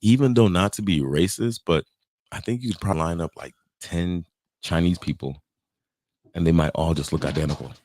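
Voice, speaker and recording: A man's voice: deep voice, a little mellow, dry recording. A man from Nigeria co-hosting a casual podcast chat, joking and laughing as he tells stories. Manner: joking, quick to laugh, playful storyteller. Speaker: podcast co-host.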